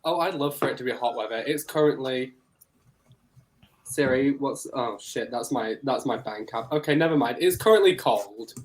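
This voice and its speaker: A man hosts a loose podcast chat, teasing his friends with an easy, joking manner. His voice sits at an ordinary middle pitch. The talk stays light and casual. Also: moderate pace, a little hiss or hum, rough recording. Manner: playful, joking. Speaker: podcast host.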